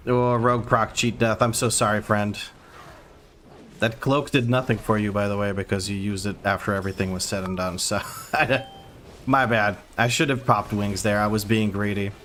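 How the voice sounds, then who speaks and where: A man's voice: fairly low pitch, level tone, moderate pace, fairly bright tone, slight background noise. A man streaming a game, giving running play-by-play with wry asides to his chat. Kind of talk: live gameplay commentary.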